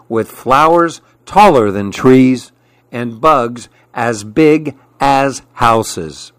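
Guy reading a kids story, slow and gentle, very lively up and down. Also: medium pitch, dry recording. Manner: gentle, expressive reading with playful emphasis. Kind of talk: storybook read-aloud.

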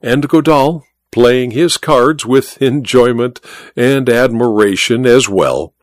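A man reading a novel aloud as an expressive audiobook narrator. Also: mid-range voice, slow pace, no echo, clean studio sound. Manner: expressive storytelling. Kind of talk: scripted narration.

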